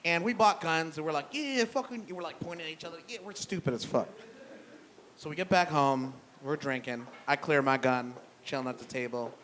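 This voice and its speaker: Young guy doing standup at a brewery, kinda high voice, swears a lot, slight hum of the room behind him. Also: flat delivery, brisk, hardly any pauses, a bit bright. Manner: profane, conversational, drops low for punchlines. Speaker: stand-up comedian. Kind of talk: stand-up storytelling. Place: brewery stage before a live audience.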